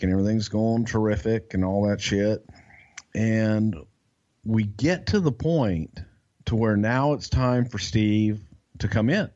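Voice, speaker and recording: A man's voice: on the low side, warm tone, muffled recording. A man co-hosting a podcast, telling a backstage story in a rambling, profane way with lots of restarts. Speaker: podcast co-host. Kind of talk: casual storytelling chat.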